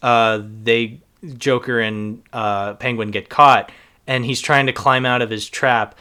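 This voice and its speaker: A man from Boston chatting casually about movies and cartoons, animated and laughing often. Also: medium pitch, a little slow, clear, resonant tone. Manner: animated, laughs often, quotes lines in put-on voices. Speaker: podcast host. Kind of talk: casual chat. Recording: lawn mower hum in background.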